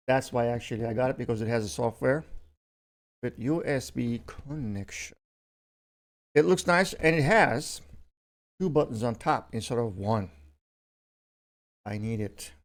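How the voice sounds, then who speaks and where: Older man chatting through an unboxing. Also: medium pitch. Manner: chatty and rambling, with many fillers and self-corrections. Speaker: unboxing vlogger. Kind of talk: casual unboxing commentary.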